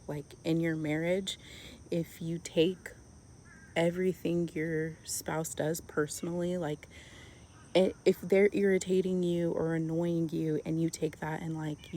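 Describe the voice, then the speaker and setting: A young woman speaking earnestly and softly in a casual devotional talk, full of "like" fillers. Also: lowish voice, a little hiss or hum. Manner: earnest, softly spoken, with many "like" fillers and restarts. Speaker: Christian vlogger.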